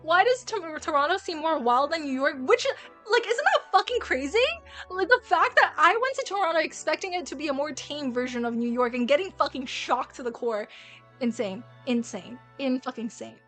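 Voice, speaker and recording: A young woman streamer telling a story time in a casual, animated way, swearing often and restarting sentences. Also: high voice, normal speed, faint music behind.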